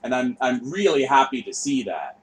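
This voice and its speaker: With a mid-range voice and big pitch swings, the host speaks at normal speed in casual, profane commentary over footage. He rambles and trails off, and the rough recording carries slight background noise.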